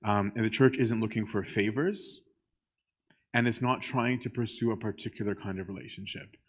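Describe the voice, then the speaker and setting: A man, a priest, telling a church story in a conversational way, often checking in with the listeners and pausing on "um". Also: fairly low pitch. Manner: conversational, keeps checking in with "right?"; frequent filler "um".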